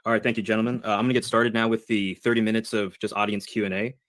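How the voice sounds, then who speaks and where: A man moderating a debate, briskly moving things along. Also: lowish voice, level tone, a bit bright, no room sound, clean studio sound. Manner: brisk, procedural.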